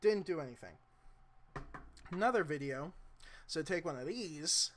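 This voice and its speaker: A young motorcycle vlogger talks into his camera mic while working on a repair, rambling and poking fun at himself in a casual how-to style. His voice is on the high side, animated and unhurried, with heavy background noise behind it.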